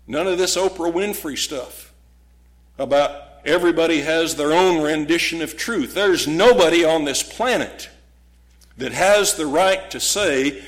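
A man preaching a sermon, emphatic, with dramatic pauses and sudden loud stresses, now and then mocking opponents' voices. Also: fairly high pitch. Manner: acts out voices of critics with mock gasps.

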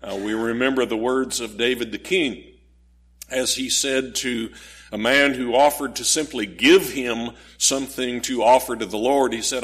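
A man preaching a sermon, slow and deliberate, lifting his voice on key words. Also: mid-range voice, steady tone, a bit bright, breathy edge.

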